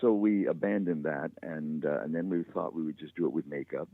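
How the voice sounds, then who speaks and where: An older man, creator of a show, telling stories in a matter-of-fact, relaxed way during an interview on a call. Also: very deep voice, fairly quick, no room sound. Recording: tinny phone line, dry.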